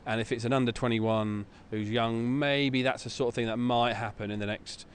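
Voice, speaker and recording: A man's voice: mid-range voice, fairly even intonation, normal speed. A man co-hosting a football podcast, asking questions hesitantly with many ums and restarts. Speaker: podcast co-host. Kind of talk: casual football chat. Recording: faint background noise.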